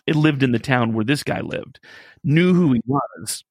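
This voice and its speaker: Gravelly, animated male radio storyteller. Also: mid-range voice, moderate pace, dry recording, clean studio sound. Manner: animated, laughs through his own story. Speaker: radio show regular. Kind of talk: casual storytelling on a talk show.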